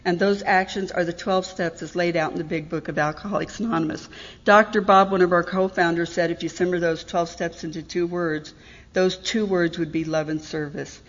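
A woman's voice: on the low side, fairly even intonation, a little fast. Middle-aged woman, frank and self-mocking meeting speaker, dull recording with long hall reverb. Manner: candid, wry, self-deprecating, laughs often. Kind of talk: personal testimony talk.

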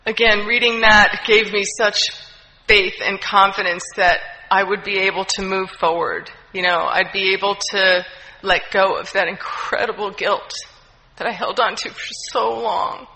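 A woman's voice: medium pitch, fairly even intonation, measured pace, pushed and bright. A woman giving an earnest, heartfelt personal testimony, with many fillers. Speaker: speaker sharing a recovery story. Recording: long hall reverb.

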